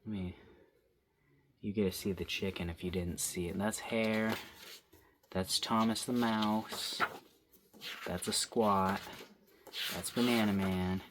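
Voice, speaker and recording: A man's voice: fairly low pitch, fairly even intonation, takes it slowly, pauses often, background noise. A young man chatting to himself while he draws, recorded on his phone, rambling and playful. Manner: rambling, self-talking, playful. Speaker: vlogger drawing. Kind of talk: casual drawing commentary.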